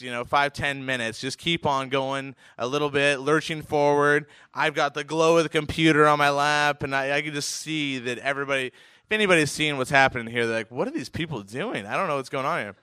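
A man telling a casual personal anecdote in an animated way, chuckling often and restarting his sentences. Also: fairly high pitch, normal speed, smooth, no room sound, clean studio sound. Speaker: storyteller.

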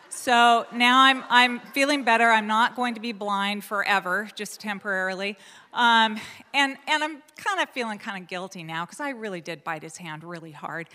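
A woman telling a personal story on stage, animated and self-deprecating, with many fillers and restarts. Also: medium pitch, moderate pace, in a large hall. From Portland, Oregon.

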